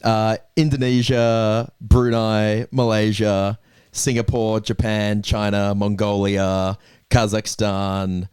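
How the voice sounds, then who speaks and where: A man co-hosting a podcast, drawing out his answers slowly in casual banter. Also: on the low side, flat delivery, darkish tone, clear, resonant tone, no room sound, studio quality. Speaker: podcast co-host.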